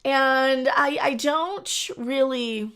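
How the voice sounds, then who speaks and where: A woman's voice: sits high, extremely slow, fairly bright tone. Opinionated woman rambling about a show. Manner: opinionated, rambling with frequent restarts. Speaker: host. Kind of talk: casual live-stream review chat.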